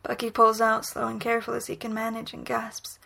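A woman reading a romantic story aloud in whispered role-play, soft, breathy and unhurried. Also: fairly high pitch, monotone. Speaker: reader.

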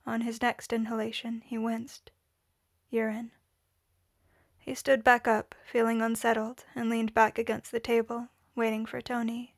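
A woman reading fiction aloud in a steady, measured narration. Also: on the high side, no echo, clean studio sound. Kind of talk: audiobook-style fiction reading.

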